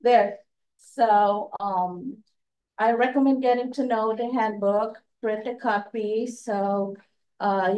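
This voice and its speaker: A slow, halting woman with a non-native accent walks a group through a training presentation. Her voice is dark and mellow, and it comes from a distance in an echoey room. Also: medium pitch. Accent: non-native English accent. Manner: halting, many fillers and restarts, laughs often. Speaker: state education staff trainer.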